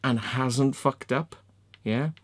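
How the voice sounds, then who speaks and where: A man of medium pitch speaks slowly in a ranting screen-share vlog. The vlogger and crop circle maker mutters while searching his screen, then gets angry, swearing constantly and repeating himself.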